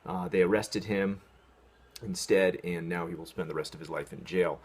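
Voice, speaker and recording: An American video host with a low, steady, slightly mellow and husky voice speaks at normal speed as he rants sarcastically about an article in a casual vlog. Mocking in tone, he talks in spurts, full of ums, fillers and restarts.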